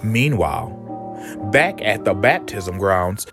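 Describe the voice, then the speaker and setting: A man's voice: fairly low pitch, animated, slow pace, music in the background. A man retelling a story in a dramatic, chatty, profane way. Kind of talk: casual storytelling recap.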